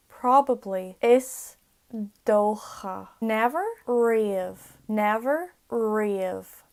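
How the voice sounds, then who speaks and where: Young woman, friendly vlog tutor, slightly high voice, slow and careful, repeats words for learners. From Ireland. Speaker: language tutor. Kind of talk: casual vlog-style language lesson.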